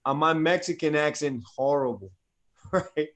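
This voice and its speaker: A laid-back man with a New Jersey accent talks shop as an interview guest. His voice sits a bit high for a man, and he keeps dropping "man" and "you know" into loose, rambling sentences. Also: a little slow, fairly bright tone. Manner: easygoing, fills speech with "man" and "you know". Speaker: actor guest. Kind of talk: casual chat.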